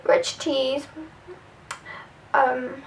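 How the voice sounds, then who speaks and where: A woman's voice: high voice, flat delivery, drawn-out words, recorded from a distance, slight background noise, rough recording. A young woman with a southern English accent, chatting casually through a tag video with lots of fillers. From southern England. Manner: chatty, rambling, filler-heavy. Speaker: vlogger.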